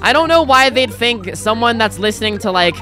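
Chatty young woman streamer, lively pitch. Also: a little fast, faint music behind. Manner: rambling, self-interrupting, chatty. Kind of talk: casual gameplay commentary.

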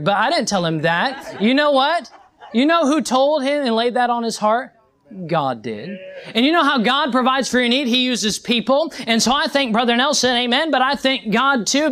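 A young man delivers a sermon as pastor. His voice sits high, climbing into fervent peaks and then sinking into quiet, reflective passages.

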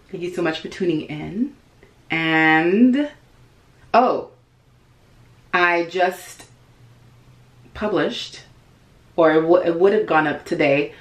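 A woman vlogging casually from her home closet, chatty and thinking out loud to herself. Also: on the low side, reverberant. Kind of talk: casual vlog chat.

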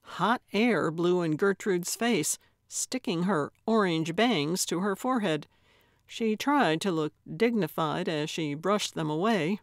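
Slow, measured woman audiobook narrator. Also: fairly low pitch, lively intonation, no echo, studio quality. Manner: measured storytelling. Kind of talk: scripted narration.

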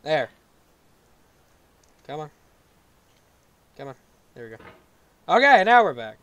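A man playing a game on a video, commenting as he goes and yelling in frustration when he falls. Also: fairly high pitch, big pitch swings, takes it slowly, no echo, dull audio. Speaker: gaming YouTuber.

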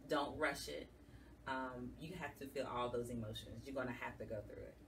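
A woman's voice: extremely low pitch, steady tone, normal speed. A woman giving an earnest, emotional personal testimony as a guest in an interview. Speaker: guest, support group founder. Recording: somewhat distant mic with faint background noise.

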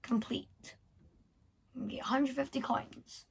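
A husky, fairly high woman's voice talks slowly through a video game, half muttering to herself as she thinks aloud. The commentary is casual and unhurried, with soft keyboard clicks behind her. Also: steady tone. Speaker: gameplay vlogger.

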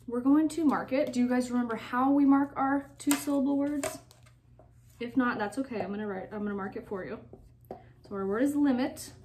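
A woman's voice: medium pitch, a little hiss or hum. A young woman teacher giving a recorded phonics lesson for children, patiently repeating and sounding out each syllable.

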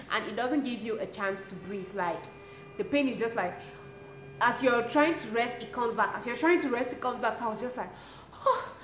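A young woman, telling a personal story to her vlog audience in a lively, expressive way and laughing often. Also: on the high side. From Cameroon. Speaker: lifestyle vlogger. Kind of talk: casual storytelling to camera. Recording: roomy with faint ambient noise.

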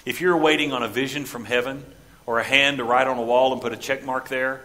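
A male pastor preaching a sermon in church, emphatic and direct, swinging between loud stressed lines and quiet, lowered ones. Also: steady tone, brisk, rough recording. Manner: emphatic preaching, rising and dropping sharply for stress.

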